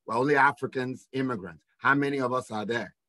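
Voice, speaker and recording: A man's voice: medium pitch, brisk, pushed and bright, dry recording. A man with a Nigerian accent hosting a panel discussion, talking earnestly in long rambling runs with restarts.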